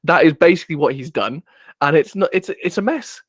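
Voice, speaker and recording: A man's voice: a little high, expressive, brisk, no echo. A man co-hosting a casual political podcast, rambling and searching for words with frequent restarts. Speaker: podcast co-host.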